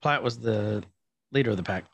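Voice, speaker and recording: A man's voice: fairly low pitch, normal speed, breathy edge, no echo. A man co-hosting a casual podcast, chatting and joking as he recaps an episode. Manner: playful, jokey, retells scenes. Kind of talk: casual chat.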